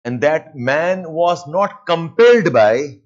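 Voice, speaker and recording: Slow Indian English lecturer dictating notes. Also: male voice, fairly high pitch, lively intonation, muffled recording. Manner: repeats points slowly for students to write down; mixes Hindi asides into English. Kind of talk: live online lecture with dictation.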